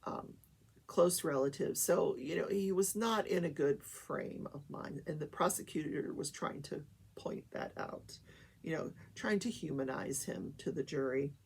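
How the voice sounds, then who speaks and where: Older woman with a gravelly, husky voice. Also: low voice, measured pace, a little mellow. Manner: chatty, many fillers, acts out quotes. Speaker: talk show host. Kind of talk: casual trial recap.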